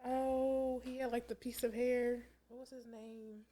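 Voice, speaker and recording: A woman's voice: fairly high pitch, flat delivery, a little slow, mellow. A woman co-hosting a podcast who laughs and chimes in during casual chat. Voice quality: laughing, chiming in with short backchannels. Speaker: podcast co-host.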